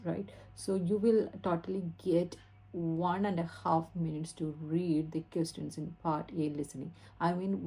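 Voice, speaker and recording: An Indian woman teaches in a low, mellow voice, speaking earnestly and pausing on fillers as she explains. She records herself on a phone camera. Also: husky. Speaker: English test trainer.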